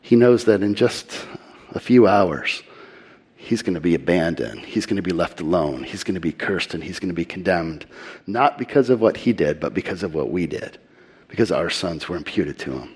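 A man giving earnest sermon-style Bible teaching, slowing and softening his voice for emphasis. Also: low voice, animated, slightly rough.

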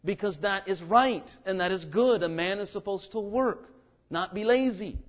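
Guy preaching a sermon, kinda high voice, goes quiet then loud, muffled lo-fi recording. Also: normal speed. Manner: swings between hushed and forceful delivery. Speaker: pastor.

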